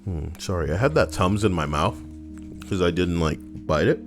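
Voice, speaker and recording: A man's voice: low voice, animated, moderate pace, faint music behind. A man reading stories aloud for his channel and breaking off into joking, rambling asides, swearing casually.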